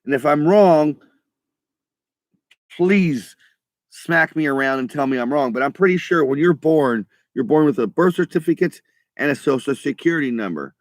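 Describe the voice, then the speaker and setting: A man's voice: a little high, lively intonation, no room sound, clean studio sound. A middle-aged man rambling in a casual monologue, swearing freely and often stopping to restart his sentences. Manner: profane, halting, restarts often. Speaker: vlogger.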